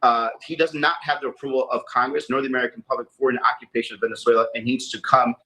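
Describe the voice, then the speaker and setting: A man's voice: medium pitch, little pitch movement, fast, sharp tone, rough recording. A man, a legislator, firmly arguing his point in answer to a press question. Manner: firm, argumentative.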